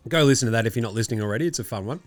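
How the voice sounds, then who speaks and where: An Australian man hosting a casual sports talk show, animated and swearing freely. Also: medium pitch, very fast, dry recording, faint music behind. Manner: animated, swearing, laughing asides. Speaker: podcast host.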